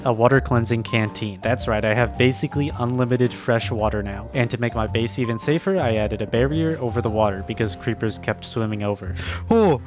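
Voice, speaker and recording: A man narrating his own gameplay in a wry, casual way, breaking into jumpy, excitable reactions. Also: mid-range voice. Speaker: gaming video creator. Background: background game music.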